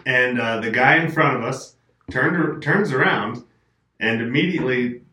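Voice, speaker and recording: A man hosting a casual chat and telling an animated anecdote. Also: mid-range voice, measured pace. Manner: animated storyteller, acts out quotes. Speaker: podcast host telling a story. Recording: roomy, mic at a distance.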